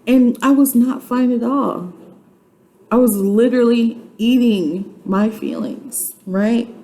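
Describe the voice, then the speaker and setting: Slow, earnest woman in her twenties. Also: fairly high pitch, mellow, low-quality recording. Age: 20s. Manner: earnest, repetitive, preachy urging. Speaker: YouTube vlogger. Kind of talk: faith-based motivational vlog.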